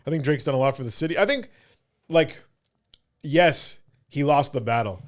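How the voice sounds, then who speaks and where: A man's voice: a little high, normal speed. A man hosting a podcast in casual chat, joking and rambling. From Canada. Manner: joking, rambling, does mock voices. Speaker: podcast host.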